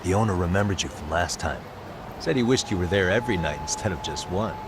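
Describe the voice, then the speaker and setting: An actor playing an easygoing young male private detective in a video game, calm and reassuring with a wry edge. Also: sits low, fast, noisy background.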